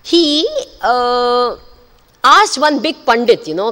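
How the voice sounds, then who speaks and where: Animated, high-pitched woman teacher delivering a spiritual discourse, her voice swinging widely as she tells stories. She keeps checking in with listeners. The sound rings with a long hall echo. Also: slow pace. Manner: animated storytelling, checks the audience. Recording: echoey hall.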